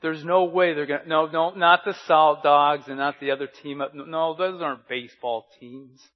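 Earnest pastor preaching, higher voice. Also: male voice, fairly even intonation, moderate pace, narrow, tinny audio. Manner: earnest, with repeated rhetorical questions. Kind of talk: sermon.

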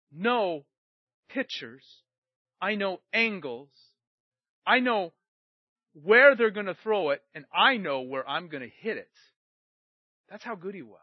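A middle-aged man preaching a sermon, swinging between shouted emphasis and quiet storytelling. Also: high-pitched, dry recording. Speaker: pastor. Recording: dry, muffled recording.

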